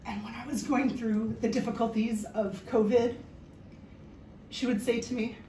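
A woman's voice: a little high, fairly even intonation, normal speed, warm tone, slight background noise. A woman giving a humorous stage talk, telling a playful story and joking with the audience. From Canada. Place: stage before a live audience. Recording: echoey hall, voice from far off.

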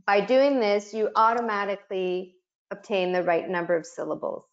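In this webinar for educators, a middle-aged woman explains speech sounds and models them aloud. She talks at a normal speed in a mid-range voice, and the recording lacks high frequencies.

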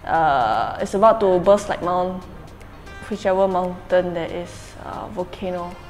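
A woman's voice: fairly low pitch, measured pace, over music. A young woman from Malaysia, chatting casually in a beauty vlog, rambling with lots of fillers. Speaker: beauty vlogger. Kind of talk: casual chat.

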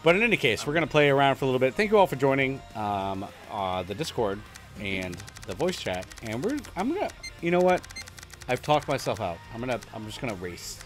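Animated man streaming a racing game. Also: mid-range voice, brisk, faint music behind. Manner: chatty, excitable, self-deprecating. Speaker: streaming host. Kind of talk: casual gameplay commentary.

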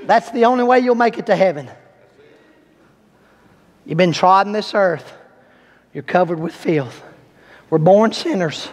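A preacher delivers a Baptist evening sermon, dropping to a hush and then swelling into fervent shouts. His voice sits very high for a man. The sanctuary gives every line a long, ringing reverb. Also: animated, measured pace, pauses often. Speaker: guest preacher. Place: church sanctuary.

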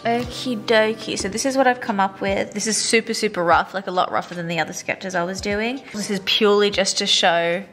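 A woman illustrator giving a casual voice-over about her rough sketches, relaxed and full of fillers. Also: mid-range voice, fairly quick, hardly any pauses, soft background music. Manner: relaxed, filler-heavy explaining. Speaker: illustrator and vlog host.

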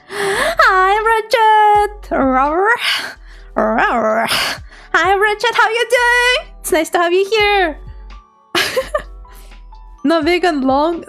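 A woman's voice: very high-pitched, unhurried, fairly bright tone, faint music behind. A woman VTuber streamer chatting casually with her viewers, bubbly and giggly, teasing playfully between thank-yous.

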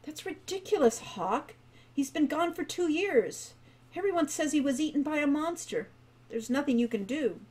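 A nervous teenage boy from a fantasy storybook, read by a woman, always expecting the worst. He frets quietly, slipping into panic, in a slightly high voice. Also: expressive, normal speed. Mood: anxious. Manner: fretful, gloomy, quiet. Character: worried anxious teenage boy.

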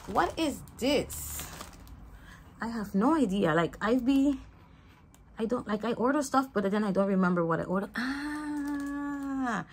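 A woman's voice: on the high side, husky. A young woman, expecting a baby, chatting casually through a haul vlog with hesitant fillers and Spanish words mixed in. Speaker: vlogger.

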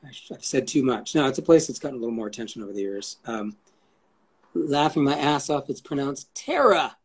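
A man's voice: medium pitch, fast, a little mellow, husky. A man chatting as an interview guest, rambling, swearing casually and cracking jokes. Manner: rambling, profane and jokey.

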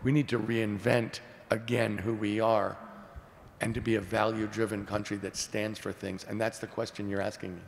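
A man in his sixties, a presidential candidate answering questions at a forum in an earnest, measured way. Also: level tone, gravelly. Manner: earnest, measured, repeats key phrases. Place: large hall at a public forum. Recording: echoey hall, faint rumble.

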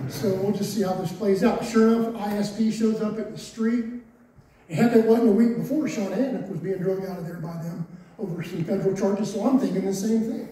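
Echoey, mellow-voiced man giving testimony. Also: high-pitched, fairly even intonation, fairly quick, recorded from a distance. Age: 40s. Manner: candid, wry, with self-mocking asides. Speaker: testimony speaker. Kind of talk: personal testimony to a congregation. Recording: roomy echo, voice from off-mic, faint hiss.

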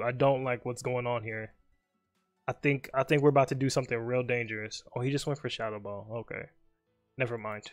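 A young man casually commenting on his own live game, joking and talking to his opponent. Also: medium pitch. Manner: joking, talks to the opponent, quick mutters. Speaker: streamer.

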